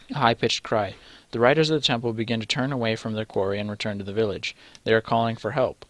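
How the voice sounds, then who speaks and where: A man's voice: medium pitch, fairly bright tone, no room sound. A man reading a text adventure game aloud, stumbling over names and breaking off for joking asides. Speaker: let's player.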